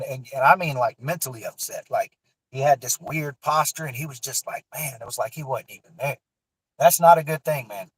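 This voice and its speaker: A man's voice: on the high side, husky, no room sound, poor audio. Man, storytelling guest, loose and profane, lots of restarts, dry close sound. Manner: rambling, profane, many fillers and restarts. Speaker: guest telling a personal story. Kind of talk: casual storytelling on a livestream.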